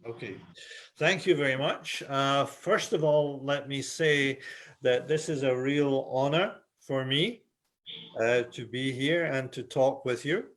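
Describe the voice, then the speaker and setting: An older man with a Scottish accent, giving a webinar lecture as a refereeing instructor, speaking slowly and with hesitation over a video call. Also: mid-range voice, fairly bright tone. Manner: deliberately slow, hesitant delivery.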